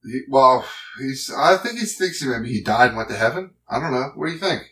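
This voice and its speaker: A man's voice: mid-range voice, lively intonation, brisk, sharp tone, recorded from a distance, low-quality recording. A man co-hosting a podcast in casual chat, rambling and often trailing off mid-thought. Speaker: podcast co-host.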